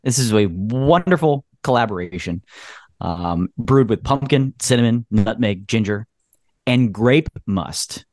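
A man's voice: fairly low pitch, lively intonation, measured pace, darkish tone, no room sound, clean studio sound. A man co-hosting a casual podcast, joking and making puns while describing a beer. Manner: playful, punny, laughs often. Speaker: podcast co-host. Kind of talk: casual chat.

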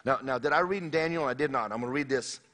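Male pastor telling a story in a sermon, animated, keeps restarting, mid-pitched voice. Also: fast talker. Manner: animated storyteller, frequent restarts, addresses audience directly.

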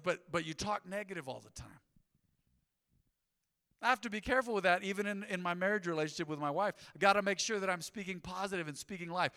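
A middle-aged man preaching a sermon as pastor, telling stories in an animated way with rising emphasis. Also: high-pitched. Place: church sanctuary. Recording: long hall reverb in a sanctuary.

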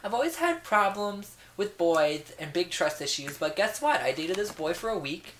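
Man doing a giddy gushing young woman, high voice, roomy echo. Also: big pitch swings, moderate pace, fairly bright tone, slight background noise. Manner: gushing, breathless. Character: giddy lovestruck reality-TV sister, woman.

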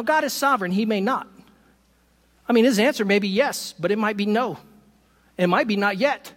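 A man preaching a sermon to his congregation, animated and quick to poke fun at himself with laughing asides. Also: high-pitched, big-room sound. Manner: animated, self-deprecating humor, laughs at own stories. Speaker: pastor. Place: church sanctuary.

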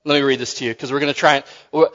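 A man's voice: mid-range voice, steady tone, rapid-fire, a bit bright, big-room sound, highs cut off. A man preaching a sermon in a loose, conversational way, joking and often restarting his phrases.

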